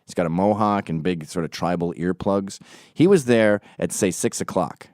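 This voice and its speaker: A man's voice: deep voice, normal speed, darkish tone, no room sound, clean studio sound. A man hosting a podcast, telling a story in a mocking, profane way and acting out the quotes. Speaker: podcast host. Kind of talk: casual storytelling monologue.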